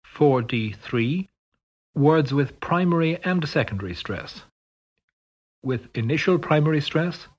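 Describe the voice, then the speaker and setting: A man with a slightly husky voice reads out the sections of a pronunciation lesson. His delivery is measured and scripted, and his pitch moves in a lively way as he announces each rule. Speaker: language course narrator. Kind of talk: scripted instructional narration.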